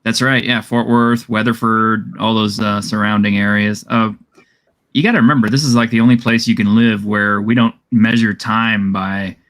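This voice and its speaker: A man's voice: on the low side, steady tone, moderate pace, fairly bright tone. Rambling Texan man in casual chat. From Texas. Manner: rambling, self-correcting. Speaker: podcast panelist.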